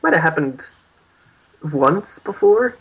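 Slow, hesitant man recapping a story. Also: a little high, sing-song, fairly bright tone, breathy edge, rough recording. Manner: hesitant, laughs often while explaining. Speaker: podcast co-host. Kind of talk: casual podcast chat.

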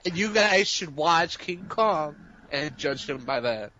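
A man with a fairly high voice rambles through complaints in casual podcast chat, cursing as he goes. His mic sounds dull and lo-fi. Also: animated, measured pace, pushed and bright, a little hiss or hum. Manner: rambling, profane storytelling. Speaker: podcast co-host. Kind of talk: casual chat about TV shows.

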